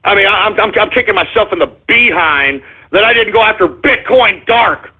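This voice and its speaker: A male talk radio host delivering an excitable, flustered monologue, often stumbling and apologizing. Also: high-pitched, normal speed, breathy edge. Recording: phone-like lo-fi radio sound.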